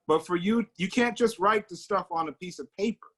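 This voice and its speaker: Earnest man with a slightly high voice. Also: brisk, fairly bright tone. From United States. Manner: earnest, explaining at length. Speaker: discussion participant. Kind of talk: casual group discussion.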